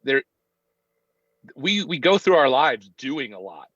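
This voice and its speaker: A man's voice: medium pitch, big pitch swings, slow, a bit bright, breathy edge, no room sound. Fifty-something guy on a podcast, lots of ums, muffled dry audio. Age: 50s. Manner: hesitant, reflective, lots of ums and restarts. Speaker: podcast guest. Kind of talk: casual conversational interview. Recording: dull, dry sound.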